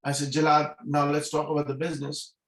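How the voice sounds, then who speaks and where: A man's voice: fairly high pitch, completely flat delivery, fairly quick, fairly bright tone, roomy sound, low-quality recording. A middle-aged man speaking as a guest at a business meeting over a video call, earnest and repeating key phrases for emphasis. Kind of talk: motivational talk on a video call.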